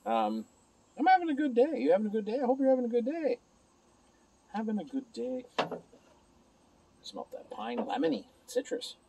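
A man's voice: very high voice, huge pitch swings, normal speed, long pauses, noisy background. A man casually reviewing a beer alone at home, rambling and chatting to his viewers and to himself.

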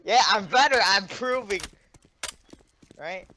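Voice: medium pitch, slow pace, pushed and bright. Goofy sarcastic guest gamer. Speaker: guest player. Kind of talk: casual gameplay chat.

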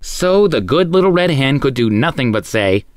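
A man's voice: mid-range voice, normal speed. Sing-song male storyteller. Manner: expressive, sing-song reading. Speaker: storyteller host. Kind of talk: children's story narration.

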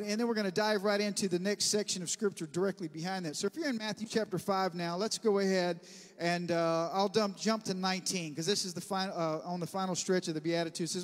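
A man, preaching a sermon as pastor and telling stories in an animated way, calling the congregation for amens. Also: high voice. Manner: animated storytelling, bursts of loud laughter; preacher who calls for amens. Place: church sanctuary. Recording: long church-hall reverb.

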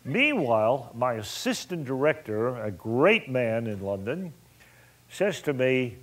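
A film director tells an anecdote to an audience, acting out bits of dialogue as an animated, colorful storyteller. He speaks slowly in a mid-range voice.

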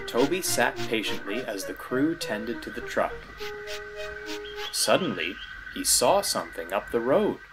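A man narrating a children's railway story in an expressive storybook style. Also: mid-range voice, measured pace. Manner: lively, expressive reading. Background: loud music.

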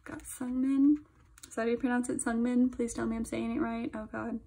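A young woman chatting through an album unboxing, gushing and chatty, sometimes dropping into soft whispers. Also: on the high side, completely flat delivery, quick pace, gravelly, a little hiss or hum. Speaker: K-pop album reviewer. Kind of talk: casual unboxing commentary.

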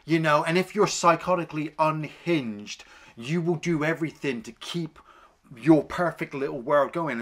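Chatty man retelling a film. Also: fairly high pitch. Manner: animated retelling, acting out scenes. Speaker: film review podcast co-host. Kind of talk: casual film discussion.

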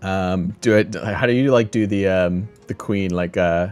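Low-voiced man thinking aloud over gameplay. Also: steady tone, a little slow, hardly any pauses, a little mellow, faint music behind. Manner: thinking aloud, self-mocking, laughs often. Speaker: let's play host. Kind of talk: casual gameplay commentary.

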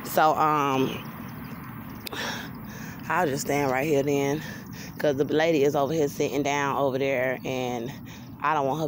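A woman's voice: deep voice, a little slow, background noise. A woman giving a blunt, outspoken personal testimony while walking on an outdoor trail, recorded on a handheld phone. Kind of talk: casual spoken testimony. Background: passing vehicles and outdoor ambience.

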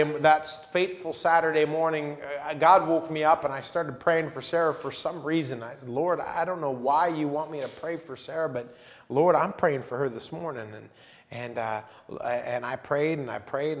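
A man delivers a sermon as a church pastor. His voice sits slightly high for a man, and he talks in a conversational, halting way, restarting phrases and dropping in teasing asides. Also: steady tone. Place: church sanctuary.

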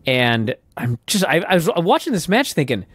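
A man in his late thirties chats on a podcast, his voice swinging up and down as he acts out the story. He talks in a profane, animated way, and the sound is close and dry. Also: fairly high pitch, moderate pace, slightly rough, no room sound. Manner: animated, profane, re-enacting what others said. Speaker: podcast co-host. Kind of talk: casual chat.

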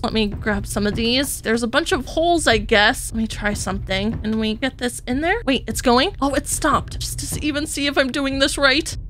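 A woman gaming YouTuber playing through Minecraft, chatty and excitable, gasping at her wins. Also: high-pitched, slight background noise. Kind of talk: Minecraft let's play with roleplay. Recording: faint music underneath.

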